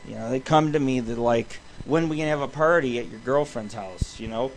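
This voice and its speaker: A young adult man hosting a show from his home studio, ranting in a loose, swearing, excitable way. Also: mid-range voice, fairly quick, slight background noise. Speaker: radio show host. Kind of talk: profane rambling monologue.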